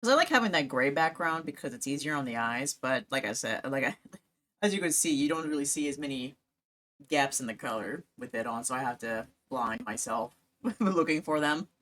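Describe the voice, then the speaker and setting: A woman's voice: a bass voice, animated, moderate pace, a bit bright. A woman streamer chatting casually while drawing, rambling, giggling often and joking at her own expense. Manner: giggly, rambling, self-mocking.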